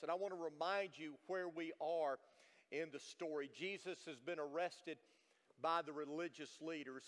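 A man's voice: high-pitched, a bit bright. A man preaching a sermon as pastor, earnest and repeating himself for emphasis, in a church sanctuary. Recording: long reverb of a church hall.

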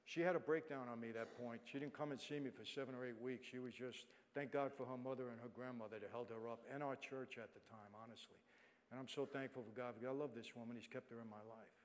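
A middle-aged man giving a personal testimony to an audience, swinging from hushed to loud, emphatic passages. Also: mid-range voice, fairly even intonation, fast talker. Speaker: guest speaker. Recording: long hall reverb.

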